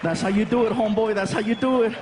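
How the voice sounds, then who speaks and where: A man's voice: high voice, fast, crowd noise. A middle-aged man doing a stand-up routine, telling stories animatedly and acting out voices. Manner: animated storytelling, acts out voices. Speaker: stand-up comedian. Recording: live stage mic with audience noise.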